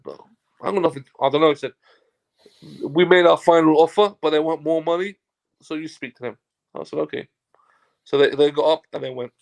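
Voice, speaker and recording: A man with a gravelly, slightly raised voice, spinning a casual story as a guest. He acts out both sides of past conversations and curses freely. His tone stays animated as he goes. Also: on the high side. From Turkey. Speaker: football agent, guest. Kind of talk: casual anecdote telling.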